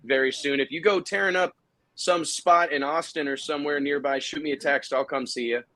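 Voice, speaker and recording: A man's voice: a little high, steady tone, a little fast, a bit bright, no echo. Guy hosting a live chat, rambly and jokey, dry close sound. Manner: joking, rambling, with many fillers. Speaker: host. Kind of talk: casual live commentary chat.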